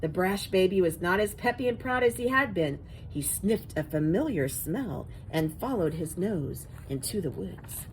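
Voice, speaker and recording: Expressive woman reading a picture book. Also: fairly low pitch, normal speed, few pauses, a little hiss or hum, rough recording. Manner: expressive, asks listeners questions about the pictures. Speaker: storyteller reading to children. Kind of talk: children's picture-book read-aloud.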